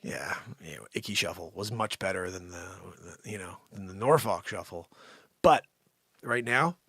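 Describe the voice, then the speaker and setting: A man hosting an improvised comedy news bit, loudly ranting with sudden shouts and then dropping to low mumbled asides. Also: normal speed, slightly rough, no echo. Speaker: comedy show host.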